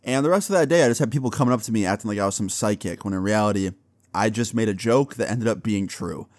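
A young man casually telling a personal story to his viewers, acting out the dialogue in an animated way and swearing now and then. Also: on the low side, fast, no room sound. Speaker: storytime vlogger.

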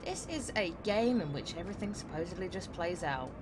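Lively, low-pitched woman reacting to a game. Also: brisk, noisy background. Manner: excitable, reactive, swears in surprise. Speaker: gameplay video host. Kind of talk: casual let's-play commentary.

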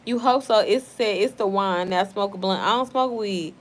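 Tipsy young woman ranting at a livestream chat. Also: medium pitch. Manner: brash, profane, quick to snap at chatters. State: tipsy from wine. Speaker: livestream host reading chat.

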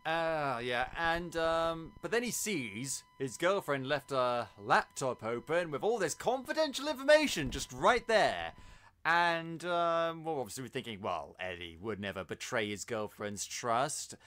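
Podcast host, male, high bright voice, exasperated ranting reviewer. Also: very animated. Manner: exasperated, ranting, quick asides. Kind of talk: casual film review chat.

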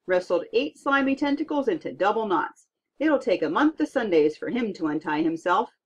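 A woman's voice: medium pitch, animated, normal speed, slightly rough. A woman voicing a huge young giant sailor boy in plain folksy talk. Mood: earnest. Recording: dull lo-fi recording.

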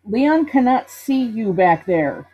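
Over dull lo-fi stream audio with game music, this woman's fairly high, dark and slightly rough voice is very animated but unhurried. She does casual let's-play commentary, playfully reading the game's text aloud and cracking jokes about it.

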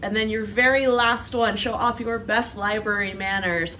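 A woman's voice: mid-range voice, fairly even intonation, normal speed. A woman leading a children's library storytime, singing a hello song and coaxing the kids to answer. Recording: distant mic with clear background noise.

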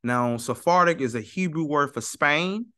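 A man's voice: a little high, normal speed, sharp tone. A man giving an emphatic, argumentative teaching monologue on his channel, often repeating points for stress. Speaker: YouTube teacher.

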